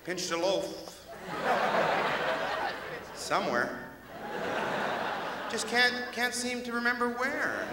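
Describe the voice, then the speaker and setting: A man doing a live stand-up routine, acting out the voices of pets and jumping wildly between high and low. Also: big pitch swings, slow, pauses often, very noisy. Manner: acts out pets' voices, shifts pitch wildly. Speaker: stand-up comedian. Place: comedy club stage. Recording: distant, echoey live club recording with loud crowd.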